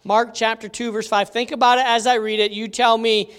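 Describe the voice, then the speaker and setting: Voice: mid-range voice, little pitch movement, a little fast, a bit bright, clean tone. A Bible teacher giving an interactive lesson, telling stories with animation and asking the audience questions. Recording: long hall reverb.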